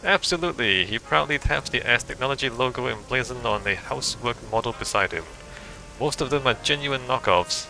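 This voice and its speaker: A man's voice: mid-range voice, animated, a little fast, vocal fry, music in the background, rough recording. A man voicing an overly cheerful male salesman from a video game, in an eager, upbeat way. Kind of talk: reading game dialogue aloud.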